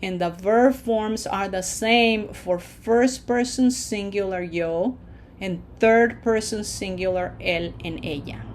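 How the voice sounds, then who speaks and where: A woman teaching a language lesson, checking in with her students and slowly modeling each pronunciation for them to repeat. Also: mid-range voice, slight background noise. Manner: slow, deliberate modeling of pronunciation with encouraging checks. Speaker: Spanish teacher.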